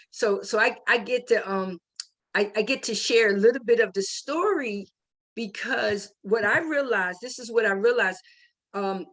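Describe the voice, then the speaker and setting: A middle-aged woman hosting a faith testimony talk, speaking in a heartfelt way with many restarts and fillers. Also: medium pitch. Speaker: host.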